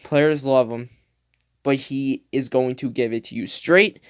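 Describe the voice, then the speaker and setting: Slow-talking man ranting about football. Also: mid-range voice, fairly even intonation, smooth, no echo, studio quality. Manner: profane, heated, rambling. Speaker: podcast host. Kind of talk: casual football rant.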